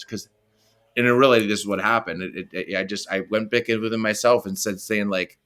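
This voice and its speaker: A middle-aged man from the United States tells stories as an interview guest, with a lower voice and a bright, forceful edge. He is animated, says "like" often, restarts his sentences, and slips into acting out his own thoughts. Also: brisk. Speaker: guest, retired soccer player. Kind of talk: storytelling in a casual interview.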